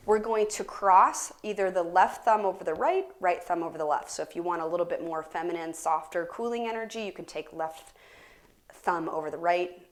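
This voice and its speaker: A young adult woman with a fairly low voice leads a guided yoga class, explaining things in a relaxed, casual way with plenty of fillers. It was recorded on a camera mic.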